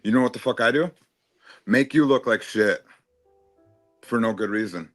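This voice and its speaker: A man's voice: fairly low pitch, moderate pace, dry recording, soft background music. A man in a heated, casual stream chat, taunting and swearing at another panelist. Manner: profane, taunting, confrontational.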